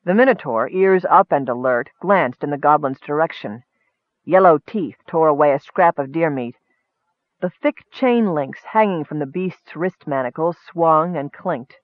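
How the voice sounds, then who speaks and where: Guy reading a fantasy audiobook, steady pace, dry tinny phone audio. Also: fairly high pitch, unhurried, no echo. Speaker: audiobook narrator. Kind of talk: scripted fantasy narration.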